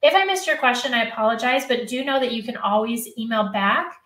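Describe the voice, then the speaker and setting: A woman's voice: fairly high pitch, brisk, bright, forceful tone, echoey room. Chatty woman hosting a live teacher workshop. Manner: chatty, self-correcting, addresses viewers by name. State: losing her voice. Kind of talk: live stream workshop, answering chat questions.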